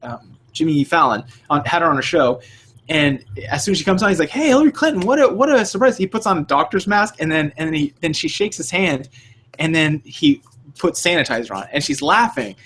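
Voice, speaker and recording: A man's voice: a little high, brisk. A man co-hosting a podcast in casual chat, swearing freely and acting out the voices he quotes. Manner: animated, profane, acts out quoted voices. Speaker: podcast co-host.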